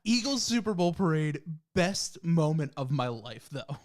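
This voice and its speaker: Young male co-host, fairly high-pitched, rowdy storyteller in casual chat. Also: very animated, unhurried, a little hiss or hum. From Philadelphia area. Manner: loud, laughs often, tells stories. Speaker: podcast co-host.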